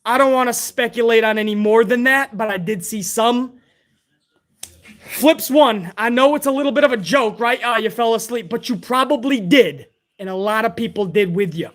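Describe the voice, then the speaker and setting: A hoarse man hosting a live stream, chatting casually and profanely while reading out fan messages. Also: very high voice, moderate pace. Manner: profane, excitable, chummy.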